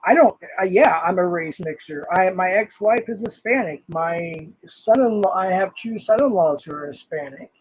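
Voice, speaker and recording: A man's voice: high-pitched, expressive, normal speed, hardly any pauses, slightly rough, no room sound, poor audio. An older man streaming live, reading comments aloud in an angry, swearing rant.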